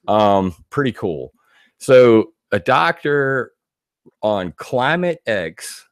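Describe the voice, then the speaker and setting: A man giving casual commentary on a video, animated and laughing often as he reads quotes aloud. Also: medium pitch, dry recording, clean studio sound. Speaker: video blogger.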